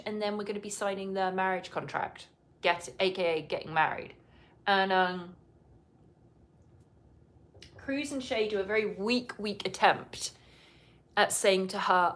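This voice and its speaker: A woman's voice: mid-range voice, a bit bright. A woman talks through a reality TV episode in a loose, conversational way, with dry asides. Now and then she slips into short impressions of the people on the show. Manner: chatty, wry, breaks into quick impressions of people on the show. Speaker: podcast host. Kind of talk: casual reality TV recap. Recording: live podcast recording.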